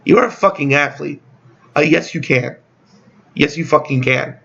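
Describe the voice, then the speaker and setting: A man's voice: a little high, moderate pace, vocal fry, a bit bright, lo-fi sound. A man hosting his own channel, talking in a casual, rambling opinion vlog that is blunt, profane and dotted with sarcastic asides. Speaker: YouTube channel host.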